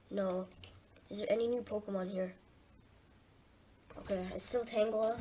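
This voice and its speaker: Woman let's-play host, just out of bed, chatty running commentary at a mid-range pitch with a faint hiss behind. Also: fairly even intonation, darkish tone. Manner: chatty, thinking aloud, quick reactions. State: just woken up. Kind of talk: casual gameplay commentary.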